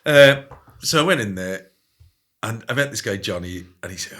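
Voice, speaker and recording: A man's voice: on the low side, animated, normal speed, fairly bright tone. A middle-aged man telling a candid personal story as a podcast guest, often tagging his lines with "right?".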